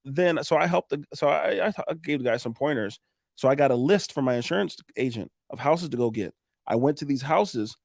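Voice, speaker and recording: A roofing business owner telling a blunt, animated story as a podcast guest and acting out what people said. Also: male voice, mid-range voice, dry recording, studio quality. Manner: animated, acts out quotes, blunt with swearing. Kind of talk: casual storytelling.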